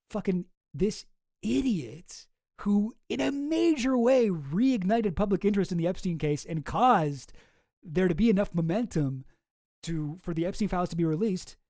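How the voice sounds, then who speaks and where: A man's voice: high voice, warm tone, dry recording, studio quality. Rambling sarcastic male streamer. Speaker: streamer host. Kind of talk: casual commentary stream.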